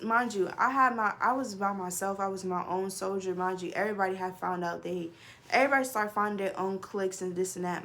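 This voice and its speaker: A young woman tells a personal story to camera in a loose, animated storytime vlog. She swears freely and keeps talking straight to her viewers. She is recorded indoors on a camera microphone. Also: mid-range voice. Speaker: vlogger.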